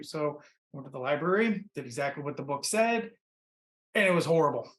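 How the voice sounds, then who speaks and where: A man from Ohio, a podcast guest and pitmaster, telling his story in a relaxed, rambling way full of fillers. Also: a little high, brisk, reverberant. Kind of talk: casual interview storytelling. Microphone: computer mic.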